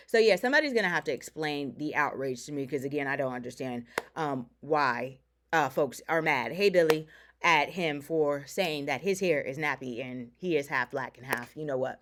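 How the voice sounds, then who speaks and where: A woman hosting a casual talk radio show, animated and sassy, laughing often as she chats with listeners. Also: low voice, normal speed. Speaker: radio and stream host.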